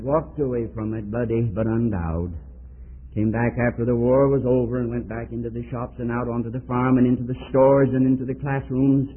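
A man preaching a sermon, swinging between loud pleading and low hushed tones as he fires off rhetorical questions. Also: slightly rough. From United States. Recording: tinny phone-like archival recording.

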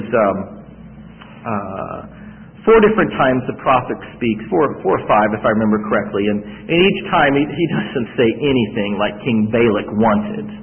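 A man with a Southern US accent preaching a sermon, telling stories animatedly with frequent restarts. The voice is echoey and tinny. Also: mid-range voice. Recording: echoey hall, tinny phone-like sound.

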